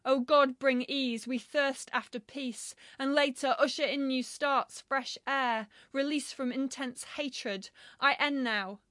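A woman gives a measured, solemn poetry reading in a high, clear register. The recording is close and dry, with no room echo. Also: fairly even intonation, a bit bright.

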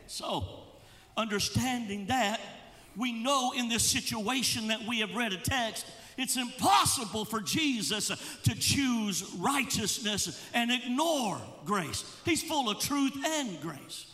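A male evangelist preaching a sermon, impassioned, rising into shouts and sung, chanted phrases. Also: extremely high pitch, animated, takes it slowly, in a large hall. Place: church sanctuary.

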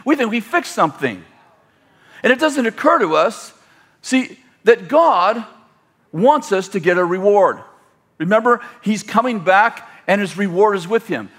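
Delivering a rambling sermon, this pastor has a strikingly high, fairly bright-toned male voice. He keeps tripping on his words and restarting, and he draws the congregation into call-and-response by having them repeat key words after him.

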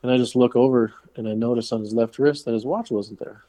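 Guest: a fishing guide spinning yarns, loose and chuckling, dry close sound. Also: male voice, mid-range voice, steady tone, quick pace, warm tone, dry recording. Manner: rambling, laughing, loose with fillers. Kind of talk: casual storytelling.

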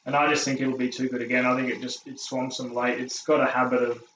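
A man's voice: mid-range voice, flat delivery, fast talker, a bit bright, a little hiss or hum. A young man co-hosting a racing podcast, rambling through his picks and laughing often. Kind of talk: casual tipping chat. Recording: roomy, distant, dull sound.

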